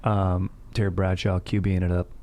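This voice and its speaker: Man, lowish voice, podcast host, jokey, rambling, laughs a lot. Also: level tone, fairly quick, a little mellow. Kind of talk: casual sports podcast chat.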